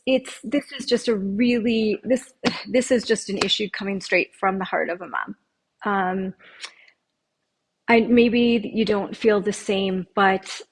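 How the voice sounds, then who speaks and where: A woman speaks as a school board candidate in a heartfelt personal appeal. Her talk is earnest and emotional. She often breaks off, restarts, and fills pauses as she goes. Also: mid-range voice, breathy edge, low-quality recording.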